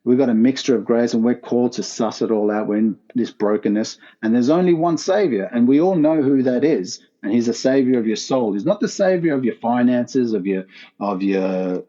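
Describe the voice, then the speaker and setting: Earnest man, dark muffled voice. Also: medium pitch, moderate pace. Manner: earnest, intense, casual slang. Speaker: podcast guest, former pro skateboarder. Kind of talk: emotional personal storytelling. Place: his art gallery, remote call.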